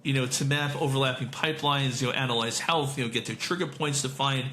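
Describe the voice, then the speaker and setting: A man's voice: medium pitch, steady tone, fast. Rambling man telling stories in an echoey room. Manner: rambling storyteller, many self-corrections and restarts. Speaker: podcast co-host. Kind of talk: casual chat. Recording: bright, echoey room with faint hiss.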